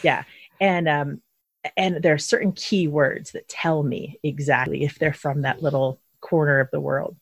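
Low-voiced chatty woman host. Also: vocal fry, husky, no echo. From Philadelphia. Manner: chatty and animated, quick to reminisce. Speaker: podcast host. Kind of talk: casual conversational interview.

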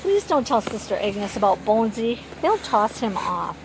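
A woman's voice: mid-range voice, sing-song, moderate pace, vocal fry, background noise. A woman voicing a scrappy orphan girl who talks plainly and bluntly in a storybook reading. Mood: earnest. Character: scrappy orphan girl, guarded but loyal.

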